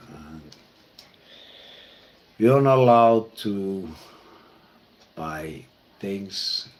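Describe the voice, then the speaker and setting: A man from Iceland with an Icelandic accent, a pastor telling personal stories in a halting, reflective way. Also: lowish voice, lively intonation. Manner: halting and reflective, with many fillers and restarts. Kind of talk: personal storytelling talk.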